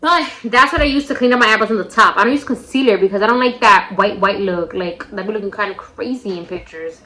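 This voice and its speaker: A young woman with a medium-pitched voice talks fast, sounding pushed and bright, as she does a makeup tutorial. The vlogger tells a childhood story in casual slang and shrieks whenever she quotes her friends, with a roomy echo on the recording.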